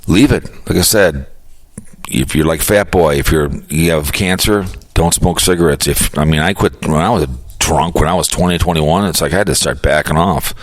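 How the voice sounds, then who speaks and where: Deep raspy guy grumbling on his live stream, blunt and cussing, dry close sound. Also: moderate pace, no room sound. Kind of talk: ranting live-stream monologue.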